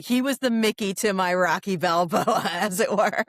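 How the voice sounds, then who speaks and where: A woman in her thirties, a podcast guest with a neutral Midwestern American accent, telling animated stories with quick asides and frequent laughter. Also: on the low side, no echo. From New Orleans. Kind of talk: casual interview chat.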